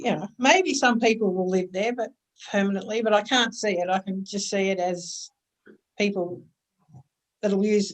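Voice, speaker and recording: A woman's voice: mid-range voice, darkish tone, poor audio. Aussie woman councillor, earnest, rambles, keeps restarting. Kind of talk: debate at council meeting.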